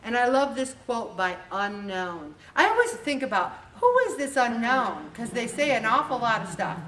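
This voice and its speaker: A woman leading a group meeting, telling stories in a chatty, animated way. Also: on the high side, normal speed. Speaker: group leader giving a talk. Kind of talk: motivational talk to a group. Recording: echoey room, voice from a distance.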